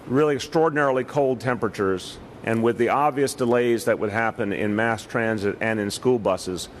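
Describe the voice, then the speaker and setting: A middle-aged man with a New York accent giving an official press briefing as mayor, speaking deliberately with frequent "uh" pauses. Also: lowish voice, a little hiss or hum.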